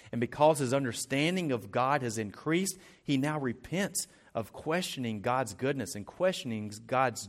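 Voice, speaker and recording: Earnest man preaching a sermon. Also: a little high. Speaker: pastor.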